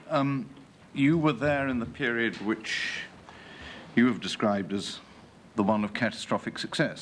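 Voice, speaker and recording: A man's voice: fairly low pitch, a little hiss or hum. A man asking questions on an inquiry panel, careful and formal, restating points before each question.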